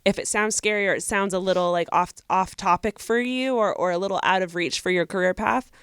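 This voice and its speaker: A woman's voice: medium pitch, brisk, fairly bright tone, clean tone, no room sound, studio quality. A young woman co-hosting a podcast, giving earnest, encouraging advice in casual chat. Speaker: podcast co-host.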